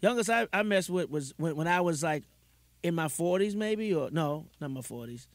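A man's voice: a little high, animated, normal speed, no room sound, studio quality. A man co-hosting a podcast who talks in an emphatic, opinionated way. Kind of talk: casual podcast chat.

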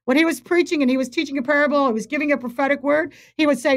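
Very high-voiced woman preaching urgently. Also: fairly even intonation, racing, few pauses. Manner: emphatic, urgent, repeats phrases for stress. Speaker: faith coach and minister. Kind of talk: livestream preaching and teaching.

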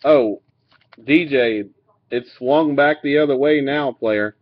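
A man with a mid-range voice takes his time, slowly reading out the cards from each pack he opens. Relaxed throughout, he swears and laughs now and then, and his webcam mic produces dull, lo-fi audio.

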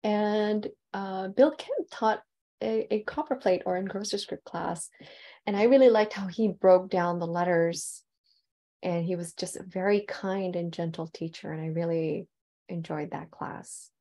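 A woman's voice: fairly low pitch, a little slow, mellow. A woman calligraphy teacher telling her story in a heartfelt, enthusiastic presentation over a video call.

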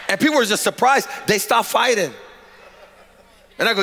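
Bright, high-voiced preacher in an echoey hall. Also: male voice, very animated, a little fast, a little hiss or hum. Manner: call-and-response preaching, swinging from shouts to low asides. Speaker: pastor. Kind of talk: sermon.

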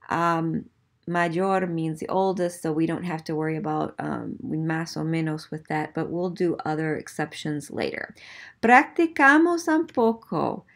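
Slow, deliberate woman teaching Spanish. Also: on the low side. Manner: slow, deliberate modeling of Spanish sentences, counting aloud. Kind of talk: language lesson.

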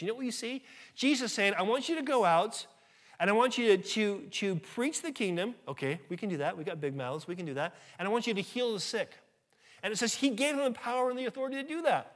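A man's voice: high voice, fairly bright tone. A man preaching a sermon as pastor, earnest and emphatic, asking his listeners rhetorical questions.

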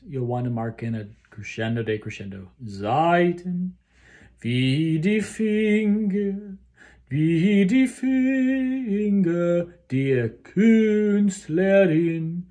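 A man's voice: mid-range voice, vocal fry, darkish tone. A man coaching a choir on phrasing, explaining each line and then singing it to show how it goes. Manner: explains phrasing, then sings the lines to demonstrate. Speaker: choir director. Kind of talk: choral rehearsal instruction. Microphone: solo recording for a rehearsal video.

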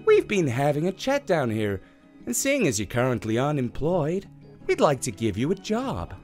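A man's voice: a little high, huge pitch swings, normal speed, a little mellow, soft background music. A man voicing a folksy, scheming woman president in a children's storybook reading, with a drawling, wheedling manner. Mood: persuasive.

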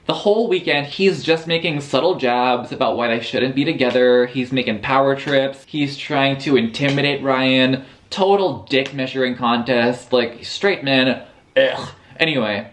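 Sarcastic, animated man reviewing a book. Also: mid-range voice, measured pace. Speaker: book vlogger. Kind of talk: casual book review chat.

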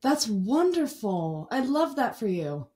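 A bubbly young woman hosts a casual podcast chat, laughing often between her sentences. Her voice sits a little higher than most. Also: big pitch swings, takes it slowly, warm tone. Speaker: podcast host.

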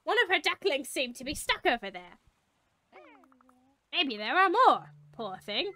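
A woman's voice: high-pitched, very animated, unhurried, long pauses, sharp tone. A young woman doing playthrough commentary, playful and jokey, swearing freely and putting on silly voices as she reads the game's lines aloud. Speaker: let's player.

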